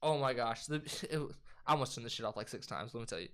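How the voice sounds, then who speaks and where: A man's voice: medium pitch, lively intonation, fast, fairly bright tone, clean tone. A young man co-hosting a casual chat, animatedly retelling movie scenes with lots of swearing and quoted lines. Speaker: co-host.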